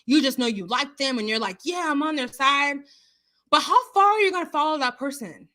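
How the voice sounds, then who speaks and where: A young adult woman hosting a casual livestream, chatting and answering viewers with emphatic, animated remarks. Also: high voice, a little fast. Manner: chatty, emphatic, laughs often. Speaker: livestream host.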